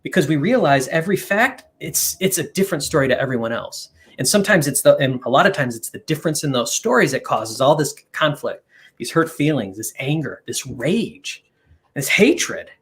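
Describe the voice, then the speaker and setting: A man's voice: fairly high pitch, very animated, normal speed. Earnest man explaining at length. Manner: earnest, explanatory, lists ideas in runs. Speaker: guest, company co-founder. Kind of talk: conversational explaining on a live stream.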